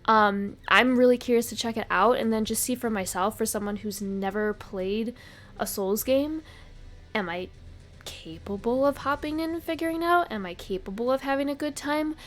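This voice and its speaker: A woman's voice: on the high side, moderate pace. A woman streamer chatting casually to her live chat before starting a new game, friendly and self-deprecating, with fillers and small laughs. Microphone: desk microphone.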